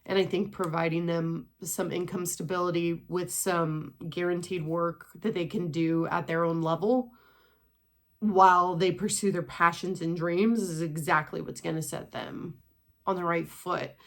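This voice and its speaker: A woman in her twenties talking casually in a rambling vlog while walking on a treadmill at home. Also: fairly low pitch. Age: 20s. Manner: chatty, rambling, sprinkled with swearing. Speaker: vlogger.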